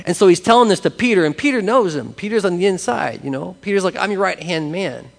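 A pastor with a high voice preaches an animated sermon, acting out the voices of the people he quotes. He speaks in a church sanctuary. His voice rings with the long reverb of a large hall. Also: quick pace, vocal fry.

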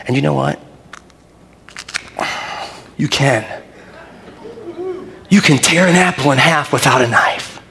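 A middle-aged man preaching in a church, his voice carrying through a hall with long reverb. He tells stories in an animated way, laughs often, and then settles into prayer. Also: mid-range voice, slow, gravelly, pauses often. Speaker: pastor. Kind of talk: sermon. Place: church sanctuary.

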